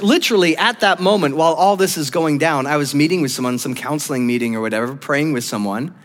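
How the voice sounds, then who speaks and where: A man's voice: a little high, brisk, hardly any pauses, fairly bright tone, in a large hall. A male pastor preaching a sermon in a church, telling stories animatedly and laughing often.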